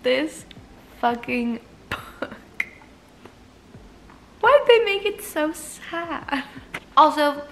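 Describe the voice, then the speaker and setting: In her twenties, a young woman chats casually in a reading vlog as a book vlogger, getting emotional and laughing often. Her voice sits a little high with a fairly bright tone.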